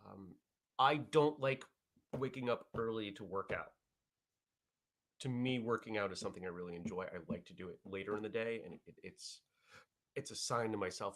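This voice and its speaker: Gravelly chatty man hosting. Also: lowish voice. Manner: relaxed, rambling, chatty with fillers. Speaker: host of a morning vlog show. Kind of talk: casual chat reading viewer comments.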